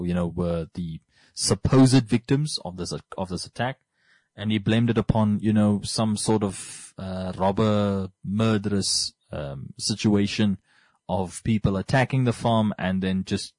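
Podcast host, man, lowish voice, dry close sound, rambles through his points with many restarts. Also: a little mellow, no echo. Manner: rambling, often restarts and repeats words. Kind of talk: casual talk about books.

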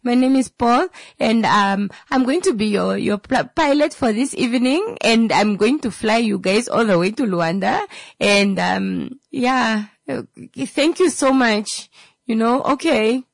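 A woman's voice: a little high, lively intonation, measured pace, vocal fry, no echo, pitched above the performer's own voice, exaggerated voice. A woman voicing a nervous male airline pilot who stammers and giggles through his cabin announcement. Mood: flustered.

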